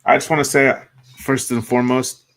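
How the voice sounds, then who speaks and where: A man's voice: medium pitch, level tone, moderate pace, fairly bright tone. A man on a fight picks stream giving blunt, opinionated trash talk in casual banter. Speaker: co-host of a fight picks show.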